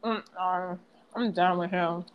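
A woman's voice: on the low side, steady tone, slow, clean tone, dull audio. A woman in casual chat, brushing off teasing with blunt, dismissive comebacks.

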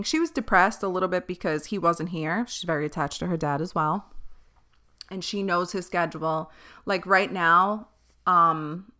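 A woman's voice: lowish voice, fairly bright tone. A young woman hosting a podcast, talking casually and candidly, swearing freely and drifting off on tangents. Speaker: podcast host. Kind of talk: casual chat.

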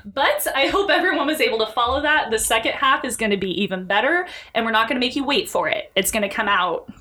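A woman's voice: a little high, animated, fast talker, sharp tone. A woman hosting a podcast, chatting casually and rambling through a history story with frequent giggles. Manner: giggly, rambling, tangent-prone. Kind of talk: casual chat.

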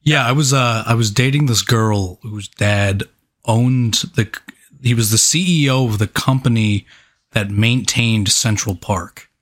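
A man's voice: fairly low pitch, unhurried. A man co-hosting a podcast who banters in a teasing, profane way. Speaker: podcast co-host. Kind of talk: casual banter.

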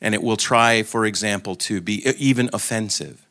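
A man's voice: lowish voice, normal speed, fairly bright tone. A man giving an informal talk to a group, telling anecdotes and joking, with frequent restarts. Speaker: guest speaker.

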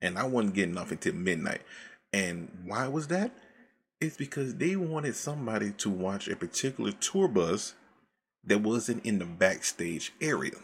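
A man telling a casual, profane story from his old job, animated and laid back, full of slang. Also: on the low side, moderate pace. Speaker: storyteller recounting past work.

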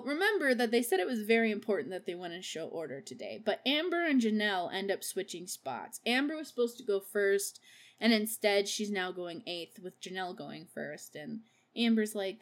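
A woman at a mid-range pitch hosts a podcast and recaps a film scene by scene in loose, casual chat. She swears freely and breaks into giggles, gushing about favorite characters. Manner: profane and laughs often. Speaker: podcast host.

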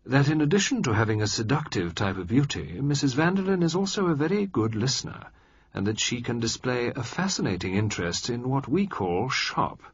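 A man doing a dry, deliberate old minister. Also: medium pitch, very animated, slightly rough, dry recording, pitched above the performer's own voice. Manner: dry, measured and decisive. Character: shrewd, assured older male government minister. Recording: slightly muffled dry recording.

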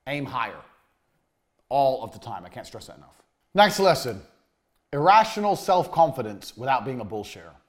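A man's voice: sing-song, normal speed, pauses often. Blunt, swearing man teaching a course. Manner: blunt, swears, emphatic repetition; drops to a low trailing tone at phrase ends. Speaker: course instructor. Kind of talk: motivational business lesson.

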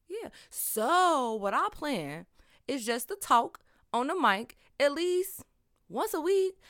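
A woman's voice: on the high side, sharp tone, no room sound. A woman hosting her own podcast in casual, slangy, talkative chat on a close mic. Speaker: podcast host.

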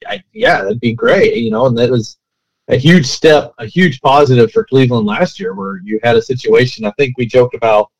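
A man's voice: mid-range voice, moderate pace, rough recording. A man co-hosting a casual sports podcast, rambling with many restarts. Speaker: co-host.

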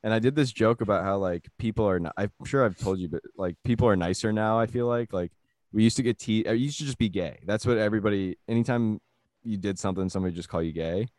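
A man's voice: fairly low pitch, quick pace, a little mellow, no echo. A young man telling rambling stories as co-host of a casual comedy podcast, full of fillers. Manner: rambling storyteller, many fillers.

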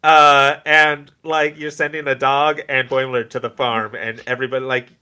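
A man's voice: medium pitch, level tone, normal speed, pushed and bright, clean tone. A man co-hosting a podcast, recapping an episode in rambling casual chat full of fillers. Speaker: podcast co-host.

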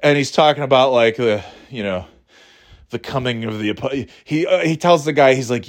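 A man's voice: medium pitch, normal speed. A man hosting a podcast, chatting casually about movies in a rambling, profane way, acting out scenes in mocking voices. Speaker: podcast host.

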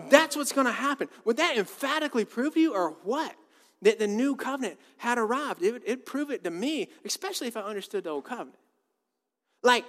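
High-voiced pastor preaching in a reverberant hall. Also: male voice, a bit bright. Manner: casual and conversational, repeats words. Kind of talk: sermon. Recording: long reverb of a church hall.

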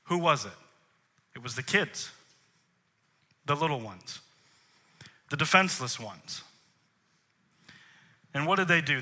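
A man's voice: fairly high pitch, bright, forceful tone. A man, a worship leader, preaching a sermon in an emphatic way, posing rhetorical questions to the congregation.

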